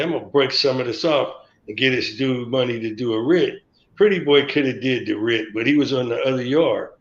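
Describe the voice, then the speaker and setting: Gravelly man telling a story. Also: medium pitch. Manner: rambling, acts out quoted dialogue. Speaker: guest on a live stream. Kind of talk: storytelling memories. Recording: echoey, dull lo-fi stream audio.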